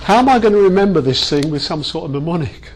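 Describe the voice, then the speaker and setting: A man's voice: fairly high pitch, animated, quick pace, background noise. A man leading a workshop training session, chatty and self-mocking as he jokes with the group.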